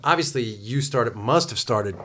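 A man's voice: mid-range voice, lively intonation, moderate pace, fairly bright tone. A man hosting an interview, asking questions and adding short affirming remarks. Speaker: podcast host.

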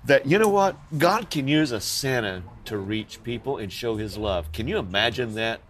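An older man, a guest in an interview, telling stories in an animated way, often laughing and acting out the people in them. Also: mid-range voice, normal speed. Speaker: mall Santa guest. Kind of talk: storytelling in an interview.

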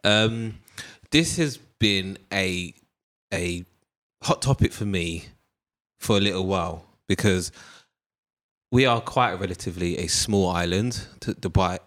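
Guy, kinda low voice, rambling sweary chat, lots of ums. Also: unhurried, fairly bright tone. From Britain. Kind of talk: casual chat.

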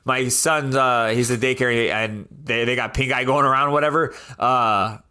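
A man's voice: mid-range voice, steady tone, moderate pace, bright, forceful tone, clear, resonant tone. A man co-hosting a podcast, telling stories in casual, slangy chat. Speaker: podcast co-host.

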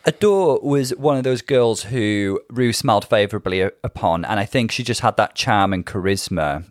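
A man's voice: lowish voice, normal speed, no room sound, studio quality. A man co-hosting a casual chat, talking things through in a thoughtful, analytical way. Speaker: podcast co-host.

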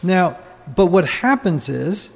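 Man, podcast co-host, teacherly, rhetorical questions, fry in the voice. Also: high voice, sing-song, takes it slowly, big-room sound. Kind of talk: explanatory podcast talk.

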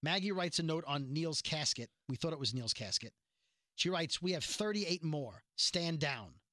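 A man with a fairly high pitch, recorded in echo-free studio quality, hosts a podcast and chats through a TV episode recap. He tells it with animation, acting out quoted lines in quick voices.

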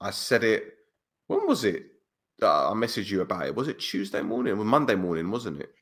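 A man co-hosting a casual football podcast, speaking in a relaxed, blunt and opinionated way about insider club news. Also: fairly low pitch, a little fast. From Cyprus. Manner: laid-back, blunt, opinionated.

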